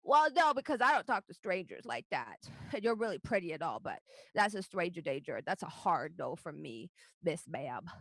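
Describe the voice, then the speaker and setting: A woman's voice: fairly low pitch, sing-song, moderate pace, fairly bright tone, dry recording, full character voice, low-quality recording. A woman voicing a small, sulky goblin girl who rambles in a childish way. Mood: stubborn.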